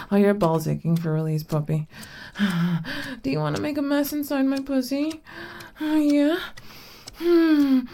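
A woman playing a possessive, teasing older-sister figure in an adult audio role-play, speaking in a commanding, breathy manner. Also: high-pitched, warm tone.

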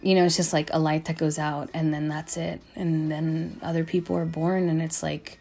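Low, gravelly young woman rambling. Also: level tone, moderate pace, darkish tone, soft background music. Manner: rambling, profane, lots of "like" and "um". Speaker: vlogger. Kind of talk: casual storytime monologue.

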